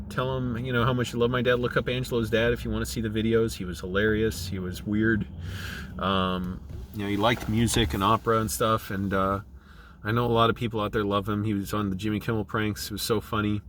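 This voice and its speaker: A middle-aged man, choked up, talking in a halting, emotional way, with many restarts and fillers. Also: lowish voice, little pitch movement, noisy background. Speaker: channel creative director. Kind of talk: personal video diary.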